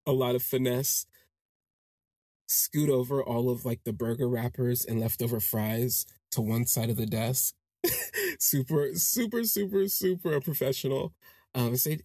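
In an unhurried, animated storytelling monologue, a husky man hosting a podcast voices the quoted characters with large pitch jumps. It's studio quality, with no echo.

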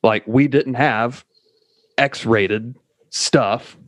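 A man's voice: medium pitch, very slow, fairly bright tone, dry recording. A man co-hosting a casual podcast discussion, speaking bluntly and provocatively. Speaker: podcast co-host.

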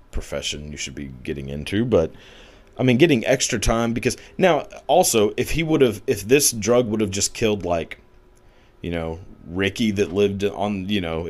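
Crude ranting man, very low voice. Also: moderate pace, a little mellow. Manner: crude, sarcastic, heavy use of filler "like". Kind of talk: profane comedic rant.

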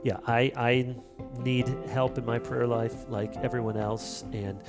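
Animated man telling stories. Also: mid-range voice, measured pace, over music. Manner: animated storyteller, acts out quotes. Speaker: author and pastor guest. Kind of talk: casual interview talk.

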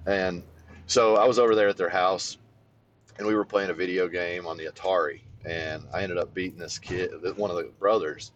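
A man co-hosting a podcast, telling a childhood story in casual chat, swearing freely, and getting animated as he goes. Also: normal speed, dull audio, slight background noise. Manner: animated, swears freely, voice jumps high when excited. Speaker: podcast co-host.

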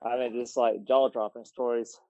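A man's voice: medium pitch, flat delivery, moderate pace, darkish tone, dry recording, highs cut off. A man co-hosting a podcast in casual chat, repeating phrases for emphasis. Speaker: podcast co-host.

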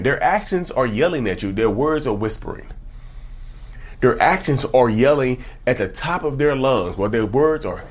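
A man with a husky voice that swoops up and down as he talks. He lectures his viewers in an emphatic, preachy way and keeps throwing rhetorical questions at them. It is casual, direct-to-camera advice talk. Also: mid-range voice. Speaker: self-help YouTuber.

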